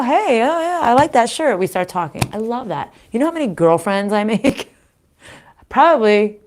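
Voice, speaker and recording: A middle-aged woman chatting through a live spiritual reading. She talks in a frank, unfiltered way, with the odd swear word and frequent laughter. Her voice sits at an ordinary pitch for a woman. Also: creaky. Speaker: spiritual reader. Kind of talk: casual live reading chat.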